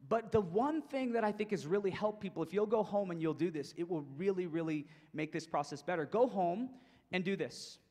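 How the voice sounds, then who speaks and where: A man giving an energetic, emphatic keynote talk to coaches, often repeating points for stress. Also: sits high, brisk. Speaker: motivational speaker for coaches. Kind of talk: keynote presentation. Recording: long hall reverb.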